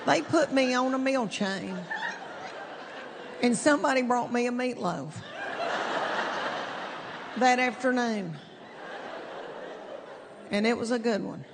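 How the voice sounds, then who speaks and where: A woman's voice: on the high side, takes it slowly, pauses often. A middle-aged woman telling stories in stand-up comedy, folksy and self-deprecating, drawing out her punchlines. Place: theater stage. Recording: live theater with long reverb, audience laughter and noise.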